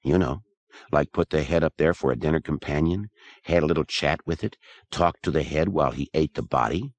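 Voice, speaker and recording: A man's voice: a bass voice, brisk. A man reading the part of a crude young man who teases his friend with profane jokes. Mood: teasing. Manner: profane, teasing. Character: crude joking young man exploring ruins.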